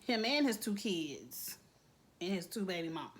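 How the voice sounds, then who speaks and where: An expressive woman speaks as she recaps a reality TV episode in casual chat. Her voice swings up and down, and she laughs often. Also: lowish voice, normal speed.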